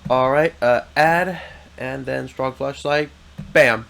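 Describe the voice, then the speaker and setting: A man's voice: mid-range voice, slow pace, gravelly, fairly bright tone, a little hiss or hum. A young man playing a video game with a friend, chatting casually, hesitant with many fillers. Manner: hesitant, filler-heavy, says bam a lot. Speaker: gamer. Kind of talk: casual gaming chat.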